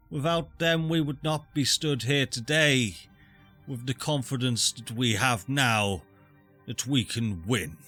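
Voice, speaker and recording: A man's voice: mid-range voice, a bit bright, voice pushed up. A man voicing a gracious, formal elderly male council leader who halts and stumbles while giving a speech. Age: older. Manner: stately, halting speechmaking.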